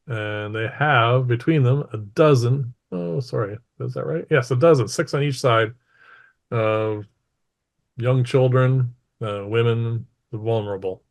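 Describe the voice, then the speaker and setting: A game master with a voice of middling pitch talks players through a tabletop scene. He narrates casually, pausing and correcting himself as he goes. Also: creaky. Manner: casual, halting narration with fillers.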